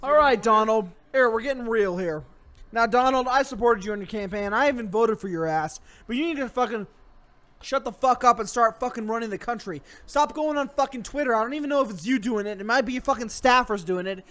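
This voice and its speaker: Really high-pitched guy doing an angry sweary comedy rant, all mock tough-guy threats. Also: brisk, a bit bright. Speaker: host.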